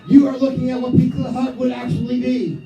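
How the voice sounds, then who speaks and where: High-voiced crude stand-up comic man in his 30s. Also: level tone, fairly quick, lo-fi sound. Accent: New England. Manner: crude, self-mocking, heavy swearing; acts out his own voice in loud quoted asides. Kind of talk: stand-up comedy set. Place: small comedy club stage. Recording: roomy club sound from a distance. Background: live music and crowd.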